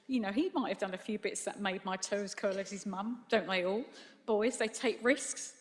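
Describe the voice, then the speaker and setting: A middle-aged woman, giving halting, tearful testimony as a bereaved mother at a public tribunal. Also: medium pitch, steady tone, slight background noise. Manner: halting, tearful, many fillers and restarts. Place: large hall at a public tribunal. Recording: long hall reverb.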